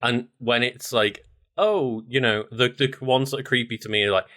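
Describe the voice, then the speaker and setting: A man co-hosting a podcast, talking in a relaxed, rambling way with many fillers. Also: mid-range voice, normal speed. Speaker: podcast co-host. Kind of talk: casual chat.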